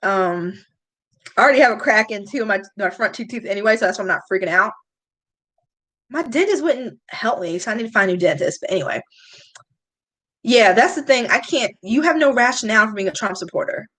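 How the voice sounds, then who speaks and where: A young woman hosting a long livestream, chatting casually and answering viewer comments with candid, animated reactions. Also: fairly quick, poor audio. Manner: chatty and candid, swings up high when greeting viewers. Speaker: beauty vlogger hosting a livestream.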